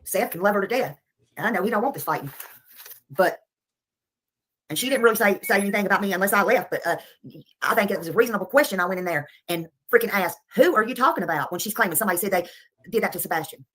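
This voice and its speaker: A woman's voice: mid-range voice, animated, fast, a bit bright. A woman ranting on her livestream, repeating herself as she thanks viewers. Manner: heated, repetitive, thanking viewers between outbursts. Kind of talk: angry livestream rant.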